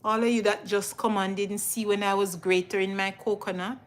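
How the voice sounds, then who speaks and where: A woman's voice: medium pitch, steady tone, normal speed. A middle-aged Jamaican woman hosting a casual cooking livestream from her home kitchen, chatting with viewers and repeating herself often.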